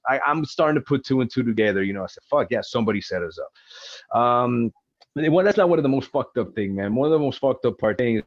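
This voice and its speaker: A man's voice: mid-range voice, no room sound, dull audio. A man as an interview guest, casually retelling a personal story with lots of swearing and acted-out quotes.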